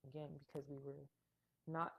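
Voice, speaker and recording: A young woman in casual podcast chat, candid and quick to laugh, swearing freely. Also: low voice, level tone, creaky, a bit bright. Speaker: podcast guest.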